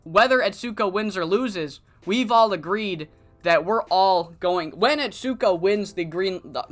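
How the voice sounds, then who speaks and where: A casual game commentator narrating a wrestling sim save, excitable and swearing freely while paraphrasing characters' promos. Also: mid-range voice.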